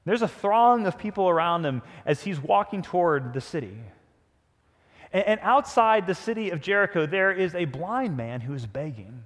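A pastor preaching a sermon with animated storytelling, often dropping to a hush. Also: male voice, sits high, a little fast, long reverb tail.

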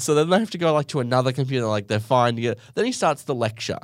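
A young Australian man telling a story on his podcast, sarcastic and animated, acting out other people in high mocking voices. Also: fast, no echo, studio quality. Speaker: podcast host. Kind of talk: casual storytelling monologue.

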